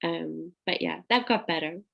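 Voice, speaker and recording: A woman's voice: lowish voice, moderate pace, gravelly, highs cut off. A woman in her forties from South Africa, Afrikaans by first language, speaking English with a South African accent in a chatty conversational interview, full of fillers and restarts. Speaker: interview guest.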